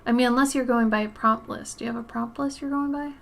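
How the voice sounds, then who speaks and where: A woman's voice: on the high side, steady tone, fast talker. A woman from Minnesota with a Minnesota accent, hosting a casual art livestream and chatting with viewers, laughing often and tripping over words.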